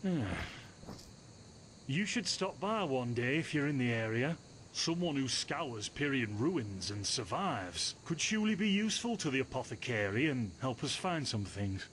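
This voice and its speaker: A man's voice: medium pitch, sing-song, unhurried, slight background noise. A man voicing a friendly, talkative male herbalist in a game, speaking conversationally. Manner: friendly, conversational, gently teasing. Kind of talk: game voice acting.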